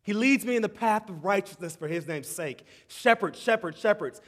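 A man preaching a sermon, moving between shouting excitement and hushed, tender tones and often calling the audience "y'all". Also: high-pitched, normal speed. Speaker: pastor. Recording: long hall reverb.

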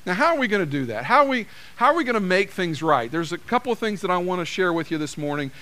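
With a high-pitched voice, big pitch swings, and a quick pace, this pastor sounds pushed and bright. His sermon is conversational and direct, and he performs the quoted dialogue people say to one another.

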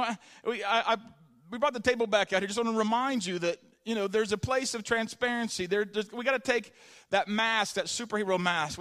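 A man's voice: sits high, fairly bright tone. A man preaching a sermon as pastor, rambling with many restarts and building to fervent emphasis.

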